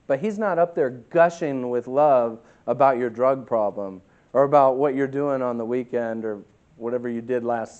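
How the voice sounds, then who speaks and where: A pastor preaches a sermon emphatically, swinging between loud and quiet, and reads scripture slowly. His voice is medium-pitched, and the recording sounds lo-fi.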